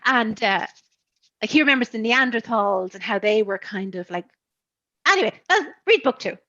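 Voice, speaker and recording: A woman from Ireland with an Irish accent, an author chatting in a casual interview, joking with quick asides. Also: on the high side, lively intonation, fairly bright tone, dry recording, highs cut off. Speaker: author guest. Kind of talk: casual video-call interview.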